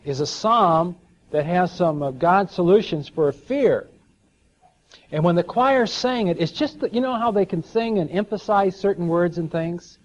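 A man preaching a sermon, telling a story and moving between soft asides and emphatic scripture reading. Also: on the high side. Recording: dull lo-fi sound.

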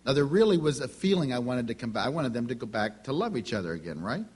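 A middle-aged male preacher with a husky, breathy edge to his voice. He tells homespun family anecdotes in the middle of a sermon. He slips into the dialogue of the people in each story as he goes. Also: medium pitch, very animated, fast, darkish tone.

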